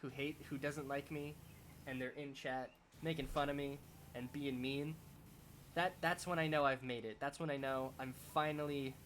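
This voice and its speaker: A young man talks in an easy, meandering way while he plays a game on stream, circling back and restarting his thoughts. His voice sits at an ordinary middle pitch. A faint hiss lingers behind him. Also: steady tone, moderate pace, a bit bright. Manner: rambling, thinking aloud with many restarts. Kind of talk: casual chat while playing a game.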